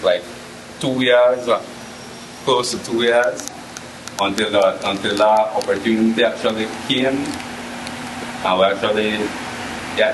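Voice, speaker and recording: A man giving a rambling, repetitive testimony. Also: lowish voice. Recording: echoey, noisy recording.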